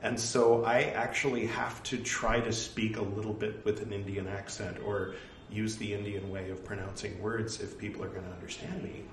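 A man's voice: fairly low pitch, level tone, normal speed, echoey room, far from the mic, slight background noise. A man with a Californian American accent, talking in a rambling, jokey, self-deprecating way as host of a reading series. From California, United States. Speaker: host reading a religious text. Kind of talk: casual spoken aside.

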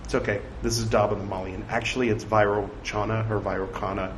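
A man reading scripture aloud, saying the quotes and punctuation out loud and breaking off for chatty side remarks. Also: fairly low pitch, flat delivery, fairly quick. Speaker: scripture reader. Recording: echoey room with faint background noise.

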